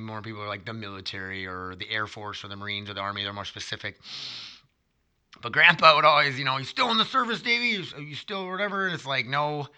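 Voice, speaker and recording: A man's voice: medium pitch, pushed and bright. A man in his thirties talking casually to his viewers, rambling and sidetracking, with frequent swearing and laughing at himself. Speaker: vlogger. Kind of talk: casual rambling monologue to camera.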